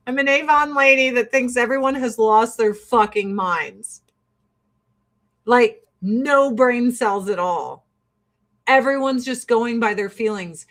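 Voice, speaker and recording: Woman host, middle-aged, from the US, fairly high voice, exasperated and blunt. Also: fairly bright tone. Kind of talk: casual opinion rant.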